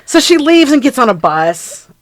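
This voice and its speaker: A woman's voice: sits high, sing-song, normal speed, dry recording, rough recording. A woman co-hosting a podcast, casually recapping a movie plot and agreeing along with lots of "right" and "yeah.". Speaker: podcast co-host.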